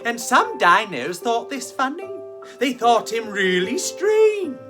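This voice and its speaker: A woman's voice: on the high side, very animated, takes it slowly, music in the background. A woman hosting a children's rhyme time, reading a storybook aloud with theatrical, gushing praise for the little ones.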